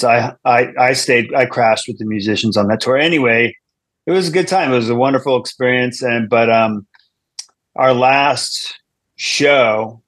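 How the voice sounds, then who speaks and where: A man's voice: medium pitch, a bit bright, dry recording. A man, a comedian guest, telling a long story in casual chat, rambling with restarts and asides.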